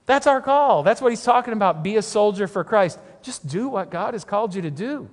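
High-voiced preacher in a reverberant hall. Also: male voice, lively intonation, brisk, few pauses. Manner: earnest, emphatic preaching, often repeats himself. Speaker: pastor. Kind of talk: sermon.

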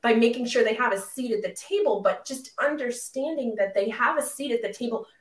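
A woman podcast host who talks in an animated, opinionated way, often repeating words as she starts a point. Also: fairly high pitch, fairly quick. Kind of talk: conversational podcast interview. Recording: roomy, distant mic.

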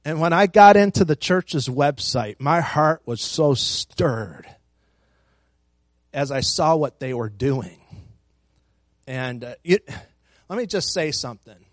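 A middle-aged male pastor delivering a sermon in a measured, unhurried cadence, his voice sitting a little high for a man. He leans hard on repeated phrases, swelling in force as he builds a point. The sound is close and dry, with no room around it. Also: animated, dry recording.

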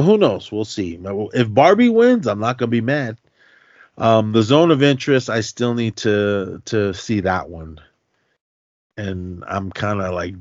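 A man's voice: fairly low pitch, no room sound. A man hosting a podcast, casually recapping films in a loose, chatty way with lots of fillers and slang. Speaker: podcast host. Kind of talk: casual movie recap chat. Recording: dull lo-fi, dry sound.

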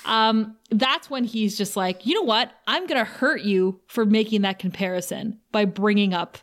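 A woman's voice: mid-range voice, moderate pace, a bit bright. A woman co-hosting a podcast, recapping a TV episode in casual, opinionated chat and often giggling. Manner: opinionated, giggly, reads quotes aloud. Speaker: podcast co-host.

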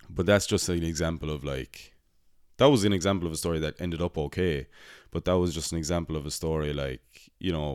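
A young man with a very deep, smooth and resonant voice tells a casual, rambling story. He swears freely and pokes fun at himself. The sound is dry and close to the mic. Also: darkish tone, no echo. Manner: rambling, swears often, self-deprecating. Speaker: podcast host, cinema worker.

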